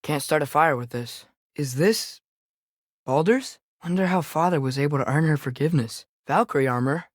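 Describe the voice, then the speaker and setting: A man's voice: on the high side, moderate pace, no echo, clean studio sound, natural voice. A young man playing a curious, earnest teenage boy. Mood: musing. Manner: quiet, musing self-talk. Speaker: video game character. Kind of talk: game voice lines.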